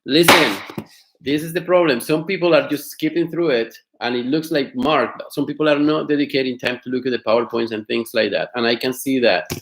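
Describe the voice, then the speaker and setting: A man teaching an online class, explaining words slowly, repeating them and asking his students questions. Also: medium pitch, steady tone, a bit bright, roomy sound. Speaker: Spanish teacher. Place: home studio.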